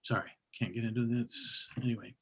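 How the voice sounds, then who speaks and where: A man hosts an online comedy show, chatting and joking between the acts. His voice has a bright, forceful edge at a middle pitch for a man, coming through a video-call mic. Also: little pitch movement, a little fast, husky. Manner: chatty, jokey asides between introductions. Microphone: computer mic on a video call.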